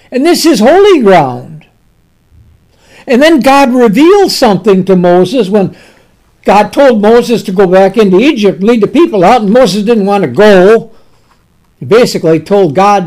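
A man preaching a sermon and reading scripture in King James wording. He speaks emphatically, with dramatic pauses and sudden swings between loud and soft. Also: high-pitched, lively intonation.

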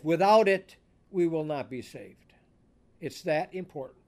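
Slow, high-voiced male preacher. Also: a little mellow. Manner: slow, deliberate preaching with emphatic scripture reading. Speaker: pastor. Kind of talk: sermon.

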